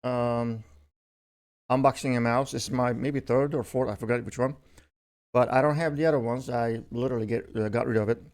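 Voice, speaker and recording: An older man chats his way through an unboxing in a brisk, darkish, medium-pitched voice with fairly even intonation. The commentary is casual, chatty and rambling, packed with fillers and self-corrections.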